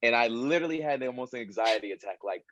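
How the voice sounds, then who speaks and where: A man on a panel, chatting in an animated, storytelling way over a video call. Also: medium pitch, quick pace, dull audio, a little hiss or hum. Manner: animated, storytelling, often says "literally". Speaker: actor on a fan convention panel. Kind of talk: casual panel chat.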